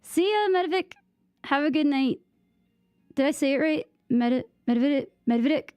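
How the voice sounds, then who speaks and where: A woman's voice: high voice, animated, normal speed, dark tone, no room sound, faint music behind. A young American woman chatting casually with viewers on a game stream, giggling and trying out bits of French. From United States.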